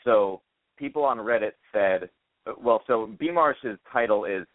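An American podcast host chats casually over the phone, swearing freely and dropping wry asides. His voice is on the low side and unhurried, and the dry, tinny phone line adds no room sound.

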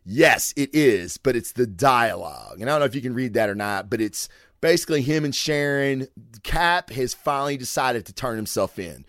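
A comic book show host reviews comics in a mid-range, fairly bright voice at normal speed, sounding animated on a dry, clean studio recording. He's chatty and casual, cursing freely and rambling with plenty of fillers.

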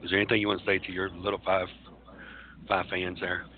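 A man trash-talks in character as a wrestling personality, stammering over his words as he taunts. His voice sits a little low. It comes through a tinny, phone-like line with a faint hiss underneath. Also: level tone, quick pace.

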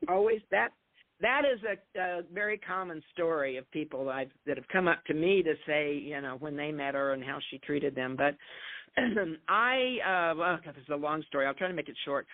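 An older woman from New Mexico, a guest screenwriter, chatting eagerly and rushing into long anecdotes. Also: low voice. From New Mexico, USA. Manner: talkative, rushes into long anecdotes. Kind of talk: casual interview chat. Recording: phone-like narrow-band line.

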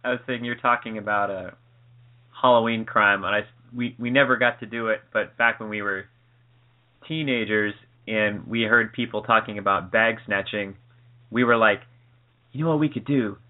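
A man co-hosting a call-in internet radio show, chatting casually with dry, deadpan humor. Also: on the low side, normal speed. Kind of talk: casual chat. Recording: phone-like band-limited audio.

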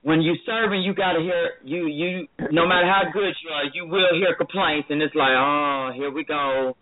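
A woman's voice: fairly low pitch, a little fast, over a noisy crowd. Chatty woman host on a phone-like line. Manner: earnest, chatty, candid. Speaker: radio show host. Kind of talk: casual interview chat. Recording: phone-like, band-limited line.

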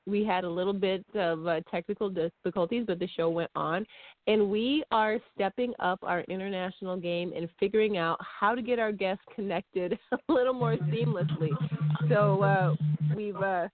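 A woman's voice: mid-range voice, normal speed, dry recording. Female co-host, casual chatter, tinny phone line, dry sound. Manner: chatty, laughing often. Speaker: podcast co-host. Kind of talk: casual chat.

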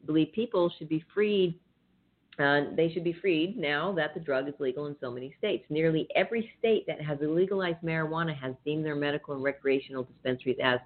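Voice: medium pitch, fairly quick. A radio show host who reads out news items and then riffs on them casually, with swearing and laughter. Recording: tinny phone-like sound.

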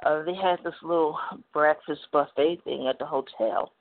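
A woman's voice: low voice, steady tone, moderate pace. A woman from the Midwest United States hosting a talk show, telling a story in a chatty, digressive way full of "you know" fillers. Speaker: talk radio host. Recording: phone-like narrow band.

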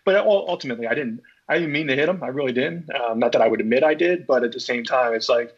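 A man from Philadelphia, a former baseball pitcher, telling a story in a casual chat and acting out his own reactions. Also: fast, breathy edge. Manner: acts out his own past reactions, many restarts. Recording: dull lo-fi podcast audio.

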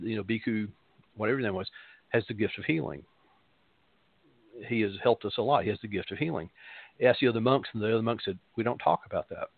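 A pastor hosting a spiritual talk show tells his stories in a loose, rambling way, circling back to repeat his points. His voice sits low and gravelly. The sound is dry and thin, as if it comes over a phone line. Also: no room sound. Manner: rambling, repeats phrases for emphasis.

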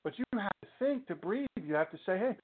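A man preaching in a loose, chatty way, tossing out rhetorical questions and little jokes. His voice sits fairly high and swings up and down a lot. The sound is thin and tinny, like a phone line. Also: expressive, fast, background noise. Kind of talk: informal sermon talk.

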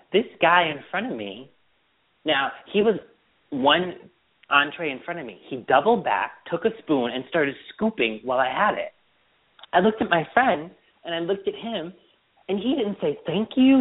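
A man's voice: a little high, husky. A man hosting a podcast in casual chat, telling stories with lots of laughter. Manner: animated storyteller, laughs often. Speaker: podcast host. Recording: phone-like narrow band.

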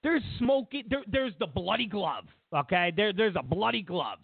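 A man's voice: high voice, animated, normal speed, gravelly, dry recording. A man hosting a political talk show, delivering a heated, sarcastic opinion monologue. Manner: heated and sarcastic, mocks others in put-on voices. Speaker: political commentary host. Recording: dry, phone-like lo-fi sound.

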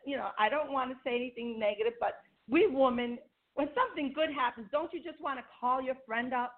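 A woman giving a sermon, reading scripture aloud and asking her listeners rhetorical questions. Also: high-pitched. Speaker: women's ministry speaker. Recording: tinny phone line.

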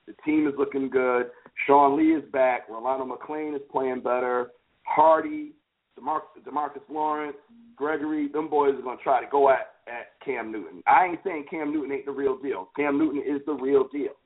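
A man hosting a casual sports talk show, animated and teasing, speaking with emphasis. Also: medium pitch, moderate pace. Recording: phone-like lo-fi line.

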